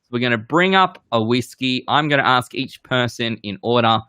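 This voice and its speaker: A man's voice: medium pitch, expressive, moderate pace, sharp tone, smooth, no room sound, studio quality. A man hosting a casual whisky game show, loose and self-deprecating.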